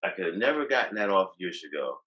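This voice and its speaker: A man's voice: low voice, very animated, fast, lo-fi sound. A man telling loose, boastful stories as a guest on a video call, restarting his sentences often. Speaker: guest, cannabis activist. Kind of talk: casual interview talk.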